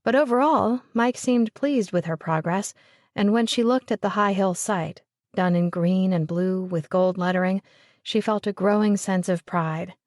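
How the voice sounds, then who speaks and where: A woman narrates a romance audiobook in a steady, even storytelling voice. Her pitch sits in the middle, and the recording is close and dry. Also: a little slow, no echo. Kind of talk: scripted narration.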